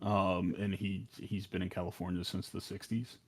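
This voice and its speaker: A man's voice: low-pitched, little pitch movement, moderate pace, slightly rough. A young man co-hosting a podcast, talking casually with many likes and ums. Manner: rambling, lots of like and um. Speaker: podcast co-host.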